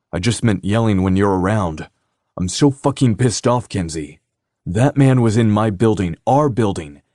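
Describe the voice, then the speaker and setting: A man voicing a restless, protective young man in an audiobook, speaking in a gruff, clipped way. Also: low voice, darkish tone, no room sound, studio quality, lightly acted. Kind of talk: audiobook character voice.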